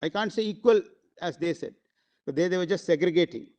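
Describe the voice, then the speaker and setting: A man's voice: high-pitched, brisk, a little mellow. A man arguing before a court, formal and deferential, addressing the bench constantly and sometimes hesitating with fillers. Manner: hesitant at times, with fillers and restarts. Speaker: advocate. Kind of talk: courtroom argument.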